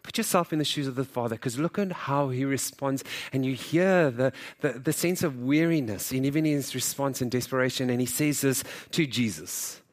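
A man's voice: medium pitch, brisk, hardly any pauses. A man preaching a sermon, talking in a conversational way, his voice swelling and dropping for emphasis as he acts out quoted voices. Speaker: pastor.

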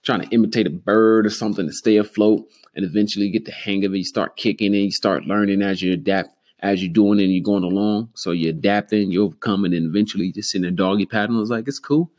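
Low voiced guy rambling solo on his podcast, swears a ton, gets loud and excited. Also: fast, few pauses. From Denver, Colorado. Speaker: podcast host. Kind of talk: solo casual podcast monologue.

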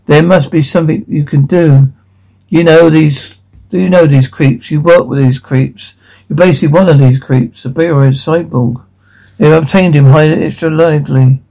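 Gravelly man reading out a drama script. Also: fairly high pitch, warm tone, low-quality recording. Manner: dramatic, stumbling on words and restarting, frequent swearing. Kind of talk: reading a drama script aloud, voicing every part and the stage directions.

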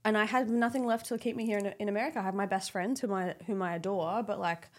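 A woman's voice: medium pitch, steady tone, quick pace. A woman from Australia, a podcast guest chatting casually, rambling and swearing freely. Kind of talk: casual chat.

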